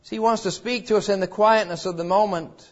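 A man's voice: sits high, fairly even intonation, a little fast, lo-fi sound. A man preaching a sermon as pastor, earnest and pleading, asking his listeners direct questions.

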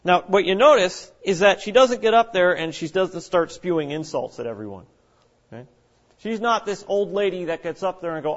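Male preacher, slightly high voice, lively delivery with acted-out quotes, muffled lo-fi recording. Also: moderate pace. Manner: animated, acts out quoted voices. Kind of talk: sermon. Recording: dull lo-fi recording.

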